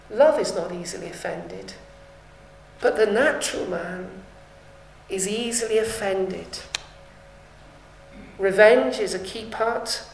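A woman's voice: on the high side, slight background noise. A woman preaching a sermon, earnest and rising to fervent appeals. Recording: echoey room.

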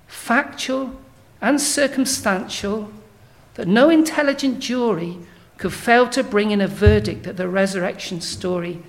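A woman preaching a sermon in a measured, emphatic way, building to strong declarations. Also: medium pitch, creaky.

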